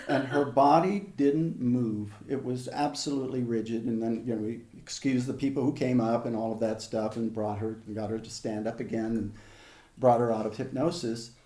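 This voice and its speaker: An older man working as a hypnotherapist, telling stories in an interview in a measured, conversational way with frequent restarts. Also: medium pitch, mellow, reverberant. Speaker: hypnotherapist guest. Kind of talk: reflective storytelling in an interview.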